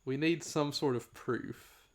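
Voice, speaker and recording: A man's voice: mid-range voice, slow pace. A man from the Southern United States chatting casually on a gaming livestream, rambling, answering chat and laughing often.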